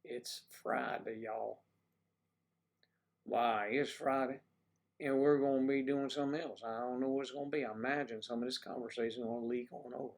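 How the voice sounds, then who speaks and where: Guy rambling on his livestream, joking around, mid-pitched voice, chatty and loose. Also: steady tone, fast, hardly any pauses, a little mellow. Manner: playful, rambling, teasing asides. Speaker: livestream host. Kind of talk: casual livestream chat.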